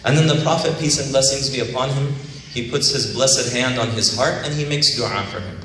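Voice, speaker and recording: A man's voice: mid-range voice, brisk. Man speaking in a very echoey hall. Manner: conversational storytelling, animated quoting. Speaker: religious speaker. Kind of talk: convention talk retelling a hadith. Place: large convention hall. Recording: very echoey hall, distant mic, faint noise.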